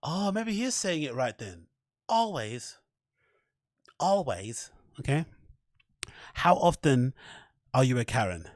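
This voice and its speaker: A man rambles through his podcast, swearing freely and laughing at his own mock threats. His voice sits at an ordinary pitch. The sound is close and dry. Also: sing-song, normal speed, long pauses, no echo. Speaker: podcast host. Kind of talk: casual rambling commentary.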